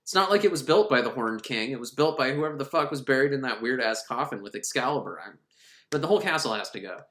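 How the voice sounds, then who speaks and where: A man recapping a film in a sarcastic, profane, animated way. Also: mid-range voice, fast talker. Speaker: movie reviewer. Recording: roomy echo.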